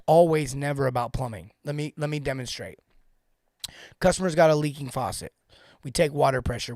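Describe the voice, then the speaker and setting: A man coaching plumbing technicians on a live show, emphatic and animated, hammering his points home through repetition. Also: medium pitch, gravelly, no echo, studio quality.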